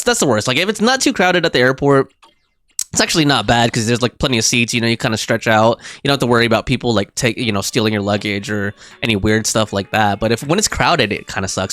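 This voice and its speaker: A man's voice: mid-range voice, fairly bright tone, no room sound, clean studio sound. A young man streaming a game live, chatting casually and rambling with fillers and restarts.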